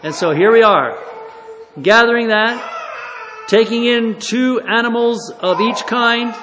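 Man, revival preacher, high voice, folksy and emphatic, echoey church hall, faint noise. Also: a little slow, sharp tone. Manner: folksy storytelling with emphatic exhortations. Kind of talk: sermon.

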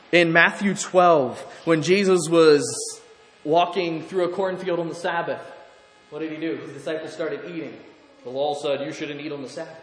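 Animated male preacher, high voice, echoey hall sound with faint room noise. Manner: animated, asks the congregation questions. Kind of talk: sermon.

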